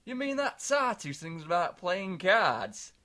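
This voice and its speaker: A man voicing his older dad, who exclaims loudly and slowly in exasperation. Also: high voice, sing-song, voice pushed down, exaggerated voice. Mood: indignant. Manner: loud, slow, exasperated exclaiming. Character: gruff older Yorkshire dad, easily shocked.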